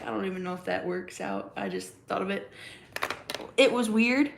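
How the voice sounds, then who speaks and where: A woman's voice: medium pitch, normal speed, vocal fry, heavy background noise. Chatty rambling woman in a roomy space. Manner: rambling, chatty, many fillers and restarts. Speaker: livestream host. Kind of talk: casual chat with live chat.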